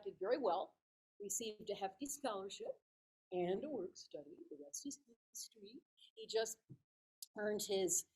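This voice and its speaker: Woman in her fifties; animated speech-giver with a slightly high voice, dramatizes her story. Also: husky, rough recording. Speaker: club speaker.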